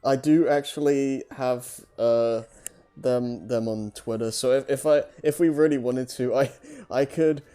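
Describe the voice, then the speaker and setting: Mellow-voiced man, rambling casual chat. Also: medium pitch, steady tone, clear, resonant tone. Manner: rambling, halting, with little laughs. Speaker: podcast co-host.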